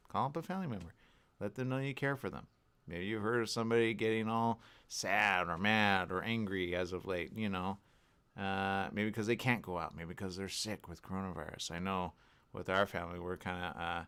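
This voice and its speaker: A man hosting a casual radio morning show, animated and jokey, with big jumps in pitch for emphasis. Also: normal speed, clean tone. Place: radio studio.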